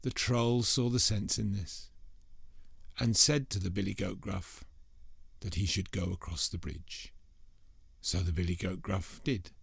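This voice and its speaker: A man's voice: sits low, fairly even intonation, a little slow, vocal fry, long pauses, slightly rough, no echo. A man telling a folk tale aloud as an oral storyteller, in a rhythmic way that includes spoken sound effects.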